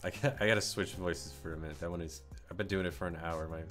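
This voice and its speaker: A man chatting casually on a live stream, his throat dry and a bit raspy. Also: sits low, fairly even intonation, fast talker, a bit bright, faint music behind.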